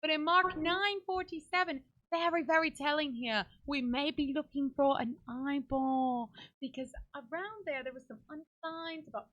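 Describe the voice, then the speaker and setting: A woman with a high voice recaps what her character found, meandering and trailing off as she goes. She speaks casually, often second-guessing herself mid-sentence. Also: normal speed, fairly bright tone, muffled recording. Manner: rambling, laughing at herself, trailing off. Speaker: player.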